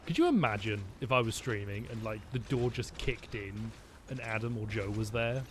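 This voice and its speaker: A man's voice: on the low side, normal speed, a little hiss or hum. A man streaming a video game, rambling and joking with his chat as he plays. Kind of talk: let's-play commentary.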